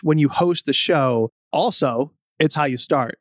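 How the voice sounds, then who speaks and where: A man's voice: on the high side, a little slow, no echo, clean studio sound. A man hosting an interview in an upbeat, joking way. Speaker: interviewer host. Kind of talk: interview conversation.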